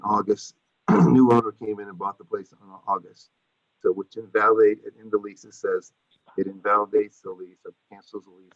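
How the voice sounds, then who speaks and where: Deep-voiced man, muffled line. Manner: defensive, repetitive, insistent. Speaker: landlord speaking at a hearing. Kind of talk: public meeting testimony. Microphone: video call.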